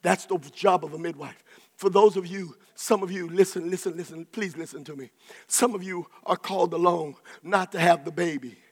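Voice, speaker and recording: A man preaching a sermon, shouting and repeating phrases in rhythm, then dropping to soft asides. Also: sits high, fairly even intonation, moderate pace. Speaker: pastor. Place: church sanctuary. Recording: long reverb of a large church.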